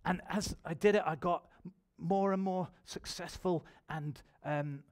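A man's voice: high voice, steady tone, a little slow. A man preaching a sermon in church, telling his own testimony and building to emphatic appeals.

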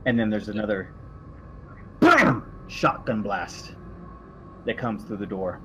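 A man narrating as game master in a tabletop horror game, describing events in a relaxed, halting way. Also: lowish voice, a little hiss or hum. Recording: slightly dull lo-fi recording.

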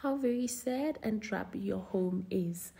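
A woman's voice: medium pitch, slow pace, creaky, warm tone. A woman voicing a boastful, mean little male weaver bird in a storybook reading, showy and taunting.

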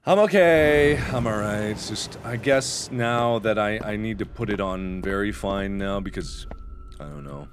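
A man hosting a gaming video, giving let's play commentary with loud, exaggerated, mock-angry outbursts. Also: fairly low pitch, a little slow, a little hiss or hum.

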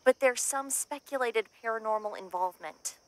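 A woman's voice: on the high side, normal speed. A woman playing a dry, no-nonsense cemetery night-shift worker who takes on investigations in a horror-comedy short film.

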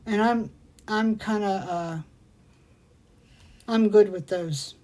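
A woman's voice: mid-range voice, takes it slowly, darkish tone. Rambling, chatty woman hosting a livestream. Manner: reads out viewer comments. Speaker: jewelry shop livestream host. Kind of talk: casual livestream chat.

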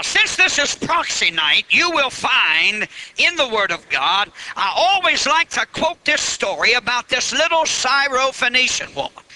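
A man's voice: extremely high pitch, bright, forceful tone, a little hiss or hum, low-quality recording. A man preaching a live revival sermon at a church meeting, fiery and emphatic, stretching key words out.

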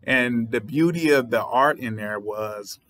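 A man with a Southern US accent talks through a poem he has just read, in a thoughtful, explanatory way. His voice sits in a middle pitch and sounds close and dry, with no room around it. He sometimes spells words out letter by letter. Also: a little slow, fairly bright tone, dry recording. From Southern United States. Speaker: writer and channel host. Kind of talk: poetry reading with commentary.

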